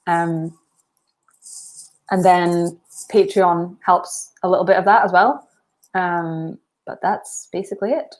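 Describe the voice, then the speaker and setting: A woman's voice: fairly low pitch, fairly even intonation, slow pace, pauses often. A young Scottish woman from Aberdeen, chatting casually on a writing livestream, rambling with plenty of ums and likes. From Aberdeen, Scotland. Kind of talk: casual live-stream chat.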